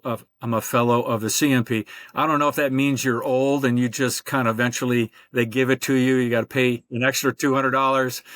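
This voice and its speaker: A man's voice: medium pitch, fairly bright tone, no room sound. Older man telling long rambling stories. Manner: rambling storyteller with many fillers. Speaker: podcast guest. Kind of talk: conversational interview.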